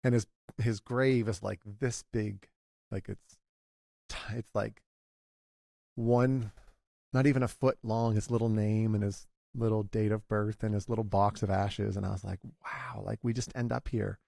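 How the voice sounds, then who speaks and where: A man in his forties speaks as a guest in a candid conversation, his low voice rough with fry. He talks in a halting, confessional way, often circling back and restarting. The sound is dry and close. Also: flat delivery, warm tone, no room sound. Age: 40s.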